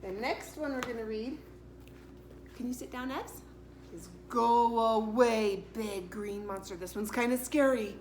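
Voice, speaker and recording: A woman's voice: on the high side, unhurried, a little mellow, roomy sound, slight background noise. A woman reading picture books aloud to preschool children in a sing-song, playful way. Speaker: preschool story-time reader.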